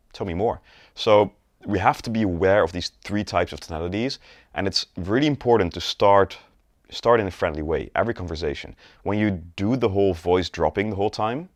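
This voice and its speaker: A man teaching sales technique in an instructional video, demonstrating rising, flat and falling tones in his examples. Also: sits low, no echo, studio quality. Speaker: sales coach.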